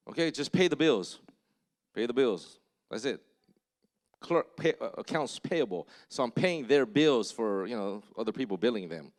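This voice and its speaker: A man preaching a conversational sermon as pastor, telling stories and bluntly exhorting the congregation, often checking in with them. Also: mid-range voice.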